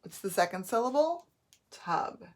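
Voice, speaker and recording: A woman teaching a phonics lesson, sounding out words slowly and clearly, syllable by syllable. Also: fairly high pitch, big pitch swings.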